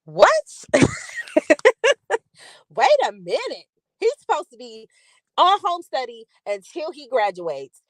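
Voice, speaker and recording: A woman's voice: on the high side, a little slow, no room sound. Chatty woman with a dry, close sound. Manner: chatty, animated, talks straight to viewers. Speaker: channel host. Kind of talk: casual commentary to a live chat.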